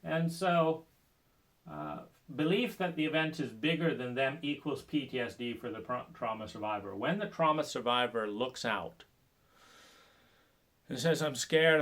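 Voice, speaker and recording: Bright-toned man, sarcastic and impassioned. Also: medium pitch. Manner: sarcastic, mocks others in put-on voices; halting, many fillers and restarts. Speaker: trauma recovery speaker. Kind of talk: impassioned spoken monologue.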